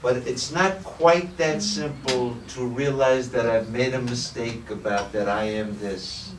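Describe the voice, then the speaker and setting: A man who teaches spirituality tells a parable in a playful, humorous way, speaking very slowly in a slightly high voice. The recording is roomy and echoey, with the mic set well back from him. A faint background hiss runs underneath. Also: steady tone. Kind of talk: storytelling talk to a small audience. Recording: roomy echo, distant mic.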